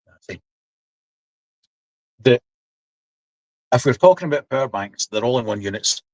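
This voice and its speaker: Older scottish man, seventies, husky low voice, chatty live-stream talk, dry close sound. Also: no room sound, highs cut off. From Scotland. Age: 70s. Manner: chatty, explains while reading chat. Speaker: livestream host. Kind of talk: casual live-stream chat.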